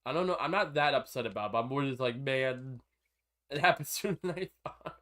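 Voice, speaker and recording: Chatty male streamer, rambling and excitable. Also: medium pitch, fast. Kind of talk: casual live-stream chat while gaming.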